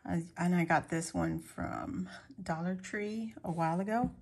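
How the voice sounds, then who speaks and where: A woman crafting vlogger talking casually to her viewers as she shows her handmade pieces, chatty and quick to laugh. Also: lowish voice, creaky, breathy edge. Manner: chatty, laughs often, talks to viewers while showing her work.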